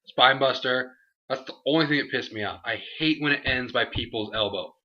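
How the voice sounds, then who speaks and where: A young man co-hosting a casual review chat, animated and laughing, acting out what others said. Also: mid-range voice, normal speed. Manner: animated, acts out quotes, laughs often. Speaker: show co-host. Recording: dull lo-fi home recording.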